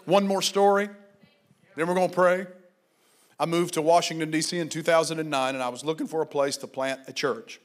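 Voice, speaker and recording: A man preaching a sermon as pastor, fervent and exhorting, at times shouting and at times telling stories quietly. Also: on the high side, steady tone, fairly quick.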